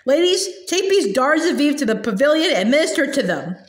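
A woman voicing a grand, deep-natured male lion from a storybook, regal and unhurried. Her voice sits somewhat high and rings out in an echoey room. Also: big pitch swings, slight background noise. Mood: solemn. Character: great royal male lion, deep and solemn. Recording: roomy echo.

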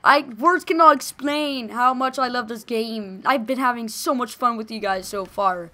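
A young woman giving excited gameplay commentary, gushing and shouting during fights. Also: a little high, moderate pace. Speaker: gaming video host.

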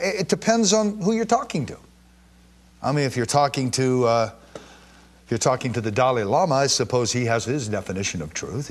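Speaking to a live crowd, this Bible teacher, a man whose voice is a little husky, lets his pitch rise and fall freely while pressing on important words. Verses come out slow and heavy; between them he offers conversational asides and puts questions to his audience.

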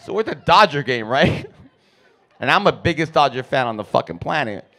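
Animated stand-up comic, bright voice. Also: male voice, medium pitch, normal speed. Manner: profane, animated, acting out family members. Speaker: stand-up comedian. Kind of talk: stand-up comedy storytelling. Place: comedy club stage.

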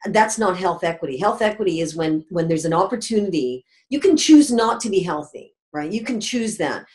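A woman's voice: lowish voice, expressive, fairly quick, a little mellow, breathy edge. A middle-aged Canadian woman, a company founder, talking emphatically in a podcast interview and often checking in with "right?". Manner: emphatic, tags statements with "right?".

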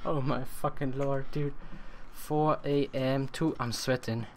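A young man doing horror game commentary at home on a desk mic, swearing often and yelling at jump scares. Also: medium pitch, fairly even intonation, takes it slowly, slight background noise. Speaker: let's play gamer.

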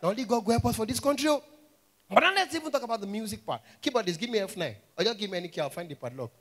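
High-voiced Nigerian man doing stand-up. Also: racing. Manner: animated storytelling, mixing Pidgin, acting out characters. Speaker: stand-up comedian. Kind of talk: stand-up comedy set. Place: stage at a live show.

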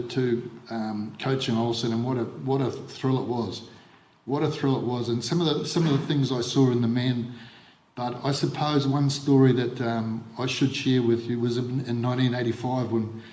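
An older man with a New Zealand accent, a former coach giving a funeral eulogy, halting with repeated words and ums. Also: mid-range voice, darkish tone. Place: funeral service hall. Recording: echoey hall on livestream.

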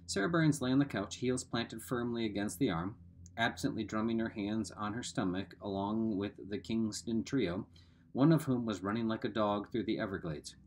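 A man reading a novel aloud in a steady voice, sometimes correcting a slip. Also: lowish voice, normal speed.

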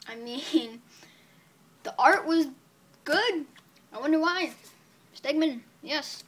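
Chatty upbeat woman, higher voice. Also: a bit bright. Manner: chatty and upbeat, rambling with fillers. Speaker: comic book vlogger. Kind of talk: casual video review.

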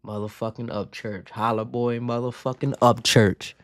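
Man, reaction host, excitable, profane, dry close sound. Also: mid-range voice, moderate pace, dry recording. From Virginia, USA. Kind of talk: casual reaction commentary. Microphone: headphones on, talking to camera.

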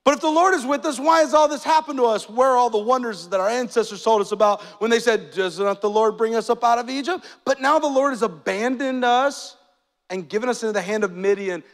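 A frightened young farmer pleads in a thin, raised voice, as a preacher puts him on mid-sermon. The words ring out through the long reverb of a church hall. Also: male voice, extremely high pitch, a little fast, pitched above the performer's own voice. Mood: fearful pleading. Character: timid frightened young male farmer Gideon.

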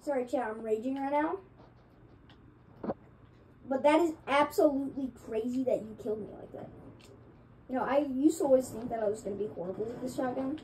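A woman streaming gameplay, with excitable trash talk and sudden yelps. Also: high-pitched, a little fast, long pauses, slight background noise, low-quality recording. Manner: excitable, trash-talking, yelps when killed. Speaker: gaming streamer. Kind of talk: live gameplay commentary.

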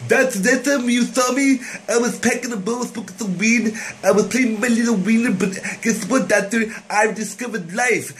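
A young man hosting his own vlog, rambling erratically with sudden loud, excited swings. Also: high voice, a little hiss or hum, low-quality recording. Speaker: vlog host. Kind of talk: rambling self-recorded vlog.

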